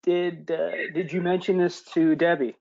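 A man's voice: on the high side, level tone, moderate pace, creaky, darkish tone. A man in casual chat who chimes in with short comments and teasing questions. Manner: brief interjections and teasing questions. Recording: slightly muffled lo-fi audio.

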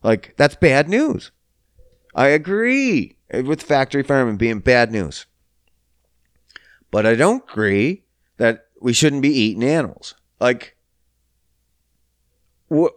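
A man giving a heated, profane ranting monologue, blunt and quick to swear. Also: medium pitch, expressive, smooth, dry recording, clean studio sound.

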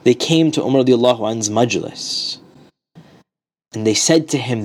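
A preacher telling a religious story in a sermon, slipping into the voices of the people in it. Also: male voice, medium pitch, moderate pace. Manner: dramatic storyteller acting out quotes.

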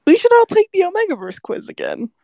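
A woman's voice: very high-pitched, wildly swooping pitch, fast talker, warm tone, no room sound. A young woman co-hosting a casual podcast, chiming in with joking, playful asides. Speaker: podcast co-host. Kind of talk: casual chat.

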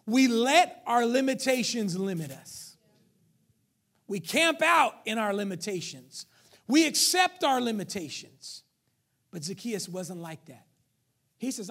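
High-voiced male pastor preaching. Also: sing-song, a little slow, gravelly. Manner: emphatic, joking with the congregation; swings between shouting and near-whisper. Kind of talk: sermon.

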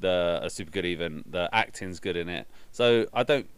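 A man co-hosting a casual film review chat, arguing and cutting in with quick rebuttals. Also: deep voice, smooth, no room sound. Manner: argumentative, quick to interrupt.

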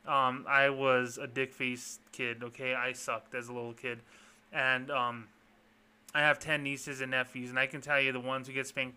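A man's voice: medium pitch, sharp tone, smooth. A man hosting a podcast in a blunt, sarcastic, profane ranting style. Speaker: podcast host.

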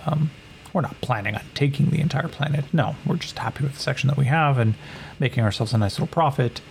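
A man's voice: medium pitch, fast, vocal fry, a little hiss or hum, close to an everyday voice. Man voicing a cold Atlantean scientist woman. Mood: condescending. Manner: clinical, condescending, lecturing.

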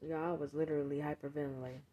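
A woman telling a story straight to her viewers in a casual vlog, cursing freely and swinging from muttered asides to loud, heated outbursts. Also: low voice, level tone, very fast, highs cut off. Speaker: vlogger and mother.

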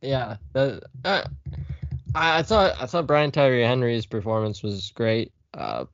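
A man's voice: mid-range voice, animated, measured pace, no echo, dull audio. A man co-hosting a casual movie podcast, joking and swearing as he rambles about the cast. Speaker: podcast co-host.

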